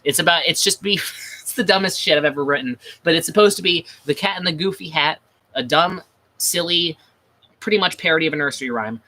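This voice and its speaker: Bright, rambling male streamer. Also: fairly high pitch, fairly quick. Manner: rambling with many restarts, crude, self-mocking. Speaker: livestream host. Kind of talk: casual livestream chat.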